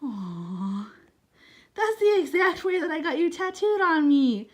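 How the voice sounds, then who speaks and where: A woman's voice: high voice, very animated, a little slow. A young woman filming at home, talking to her dog in sing-song baby talk full of praise and laughter. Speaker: vlogger. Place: home living room.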